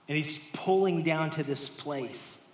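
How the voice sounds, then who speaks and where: A pastor preaches to his congregation, addressing them directly and conversationally, with a voice on the high side and an unhurried delivery. He sinks to hushed near-whispers, then raises his voice for emphatic lines, in a roomy hall with faint ambience.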